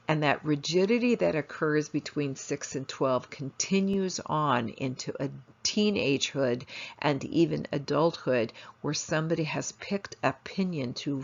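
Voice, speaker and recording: Deep and creaky, a female family therapist and instructor tells stories in a lecture, animatedly performing the voices of the people she quotes. The recording is dull and lo-fi.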